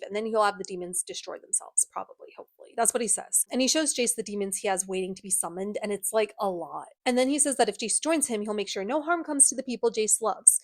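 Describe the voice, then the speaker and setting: A woman's voice: medium pitch, dry recording, clean studio sound. Chatty sarcastic woman recapping books. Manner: sarcastic, profane, chatty asides. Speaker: book youtuber. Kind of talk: casual comedic book recap. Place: indoors at home.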